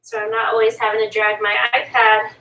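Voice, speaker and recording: A woman's voice: mid-range voice, completely flat delivery, fairly quick, pushed and bright. A woman fitness instructor coaching a workout while exercising along, urging listeners not to quit. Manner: motivating, pushes listeners to keep going. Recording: echoey room, distant from mic.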